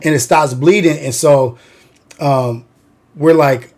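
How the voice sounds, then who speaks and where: A man's voice: on the high side, takes it slowly, a little mellow. A man hosting a livestream, telling a story in a rambling, profane way with a constant "like". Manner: rambling, profane, heavy use of "like". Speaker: livestream host.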